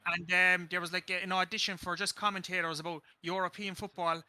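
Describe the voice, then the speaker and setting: A man's voice: high voice, flat delivery, fast talker, bright, forceful tone, no echo. A man co-hosting a football watch-along, chatting and telling stories between plays and swearing. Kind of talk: live match watch-along chat.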